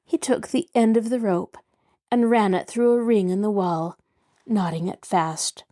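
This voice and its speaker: A woman's voice: medium pitch, unhurried. Woman narrating a mystery audiobook. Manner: steady dramatic reading. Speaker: host and reader.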